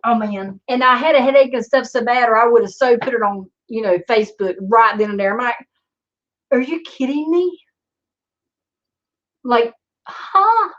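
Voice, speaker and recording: Woman vlogger, sarcastic and rambling, swears a lot, a bit higher voice, slightly muffled recording. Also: fairly even intonation, fast talker, hardly any pauses. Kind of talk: casual storytelling vlog.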